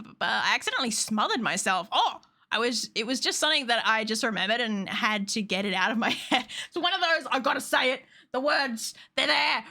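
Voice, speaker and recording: A woman's voice: on the high side, bright, forceful tone. A woman streaming a game, chatting casually in a rambling, giggly way and swearing freely. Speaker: VTuber streamer and model rigger. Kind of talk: casual live-stream chat while gaming.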